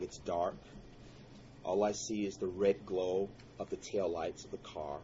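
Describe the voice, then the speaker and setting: A man's voice: sits low, fairly even intonation, a little slow, dull audio, background noise. A man telling a personal story in an earnest, intense way, breaking into prayerful exclamations. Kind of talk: personal story told to listeners.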